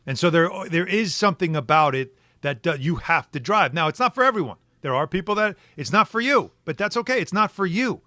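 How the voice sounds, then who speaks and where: A middle-aged man hosting a sports talk show, questioning his co-hosts in an animated way with frequent restarts. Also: on the high side, fairly quick, few pauses, dry recording, studio quality. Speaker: sports radio host. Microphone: studio microphone.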